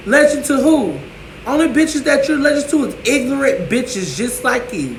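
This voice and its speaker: A man's voice: very high-pitched, animated, moderate pace, slight background noise. A man ranting to camera in a profane, sassy, scolding way, in an echoey room. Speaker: vlogger.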